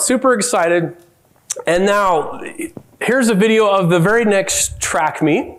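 A middle-aged man giving a conference keynote, telling family stories with lively quoted voices. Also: high voice, measured pace. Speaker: keynote speaker. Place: conference hall.

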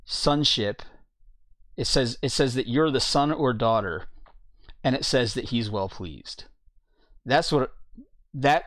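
A man's voice: medium pitch, no room sound. Man teaching scripture in a dry room. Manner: reads scripture aloud and comments plainly. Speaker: preacher. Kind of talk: bible teaching talk.

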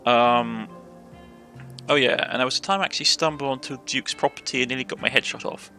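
A man's voice: mid-range voice, steady tone, brisk, pushed and bright, soft background music. A man with a Cornish accent voicing a bold, adventurous young woman who hunts monsters, talking in a chatty, reassuring way with stumbling restarts.

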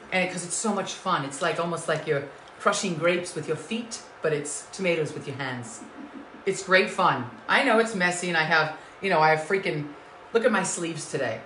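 A woman's voice: on the low side, expressive, moderate pace, sharp tone, slight background noise. A woman hosting a live-stream home cooking show, effusive and greeting viewers by name with endearments. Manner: effusive, greets viewers by name and calls them sweetheart and lovies. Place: home kitchen. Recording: echoey kitchen.

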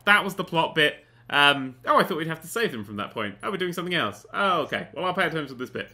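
Male gaming host, let's play commentary; tense, very bright tone, slightly high; sarcastic, tangent-prone, casual swearing. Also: sing-song, quick pace. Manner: rambling, sarcastic, goes off on tangents.

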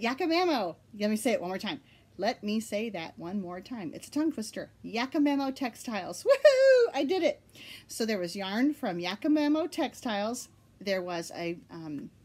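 A bubbly, excitable woman with an Oklahoma accent, chatting casually at home as the host of a knitting podcast. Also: medium pitch. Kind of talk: casual chat.

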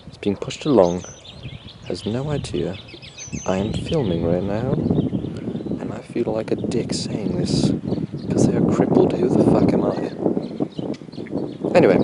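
A man with a fairly low voice narrates a mock nature documentary while filming outdoors. He sounds mock-serious, crude and rambling. The camcorder audio carries clear outdoor background noise. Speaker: narrator and camera operator. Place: outdoors in a neighborhood.

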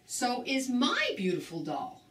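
A woman's voice: on the high side, big pitch swings, a little slow, a bit bright. A woman voicing a little boy who has lost his doll, fretful and plaintive, in a storybook reading. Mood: happy. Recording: roomy, distant mic.

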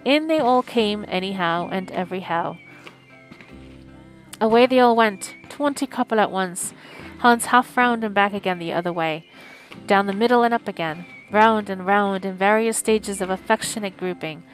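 A woman reading a classic novel aloud on a stream, with lively, expressive storytelling. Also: mid-range voice, moderate pace, soft background music, low-quality recording. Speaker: audiobook streamer.

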